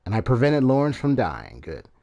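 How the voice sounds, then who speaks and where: A man's voice: medium pitch, wildly swooping pitch, normal speed, creaky, a little mellow. Guy streamer rambling about a game, lots of ums and restarts, average voice. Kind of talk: casual game commentary.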